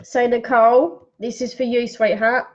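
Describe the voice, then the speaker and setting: A woman's voice: on the high side, little pitch movement, moderate pace, highs cut off. A woman hosting a live-streamed card reading, calling out viewers by name and reading affirmations aloud, sniffling a little. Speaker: psychic card reader.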